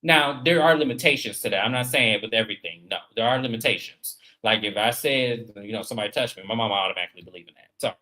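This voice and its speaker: A man in his thirties hosting a casual livestream, talking straight to viewers in an animated, emphatic way. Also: on the low side, fast talker, hardly any pauses. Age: 30s. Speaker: livestream host.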